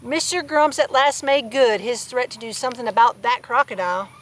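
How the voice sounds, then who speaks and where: A woman with a slightly high voice reads a children's picture book aloud outdoors. She tells the story plainly and breaks off now and then for playful asides to her farm animals. Faint farm noise can be heard behind her. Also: fairly quick, rough recording. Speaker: storybook reader.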